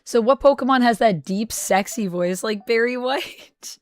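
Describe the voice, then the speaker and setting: A woman's voice: medium pitch, moderate pace, faint music behind. A woman chats playfully with her viewers while she plays a game. She reads their comments aloud and responds in a loose, casual way. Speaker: YouTuber, gaming host. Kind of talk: casual gameplay chat with viewers.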